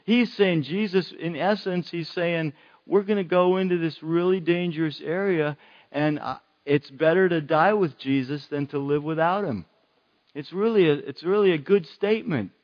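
A man's voice: fairly high pitch, moderate pace, lo-fi sound. A man preaching a sermon in an earnest way, repeating phrases for emphasis.

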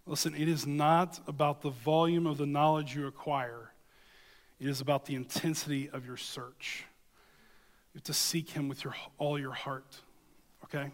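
A man delivers a sermon with earnest emphasis, moving between scripture reading and storytelling. His voice sits a little high for a man. The sound carries a long reverb, as if from a church sanctuary. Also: fairly even intonation, unhurried, long pauses. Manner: earnest, emphatic, addresses listeners with "okay?". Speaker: preacher.

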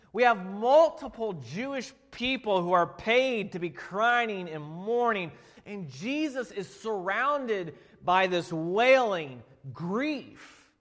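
A man preaching a sermon as pastor, shifting between loud emphatic passages and quiet storytelling. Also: high voice. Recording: long hall reverb.

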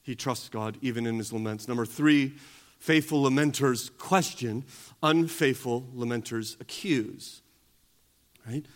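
A male pastor preaching a sermon, moving between quiet teaching and loud, emphatic preaching. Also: mid-range voice, unhurried.

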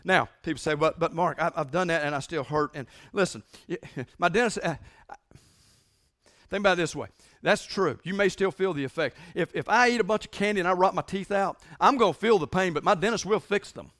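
A man preaching a sermon as pastor, emphatic and repetitive, swinging between loud declarations and hushed lines. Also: high voice, a little fast.

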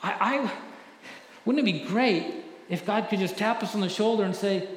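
A middle-aged male pastor preaching a sermon earnestly, often dropping to a hushed voice when telling stories. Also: sits high, normal speed, a little hiss or hum. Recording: echoey hall with faint ambience.

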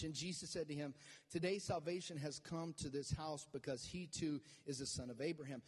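A man's voice: on the high side, in a large hall. A man preaching a sermon as pastor, conversational at first and then rising to fervent calls to the congregation.

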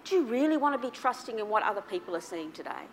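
A woman preaching a sermon to her church, telling a personal story with big swings between soft, quiet passages and loud, excited ones. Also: medium pitch, fast, a little hiss or hum. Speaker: pastor.

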